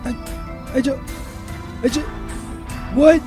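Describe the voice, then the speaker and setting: Guy putting on a squeaky whiny saint, stammering and cussing, totally confused, music blaring behind. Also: fairly even intonation, slow pace. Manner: profane, stammering, bewildered. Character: whiny high-voiced male saint, beaten up and baffled. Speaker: co-host. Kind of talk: comedy radio bit. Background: loud music.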